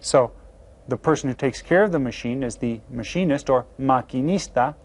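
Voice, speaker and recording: A man teaching a beginner language lesson to children, slowly and patiently sounding out each word. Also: mid-range voice. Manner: slow, patient, carefully sounds out words. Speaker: Spanish teacher. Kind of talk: classroom video lesson.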